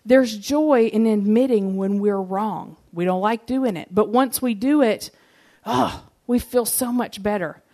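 A woman delivers a sermon, speaking at an ordinary pitch. She mixes in personal stories, speaks with humor and talks straight to her listeners. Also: measured pace, mellow. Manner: conversational and humorous, addresses the audience directly. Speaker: speaker giving a church message.

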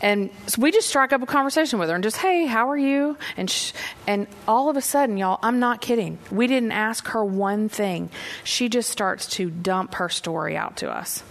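A woman's voice: fairly high pitch, moderate pace. A middle-aged woman giving a sermon in a conversational storytelling way, acting out her own reactions. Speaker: women's ministry leader preaching.

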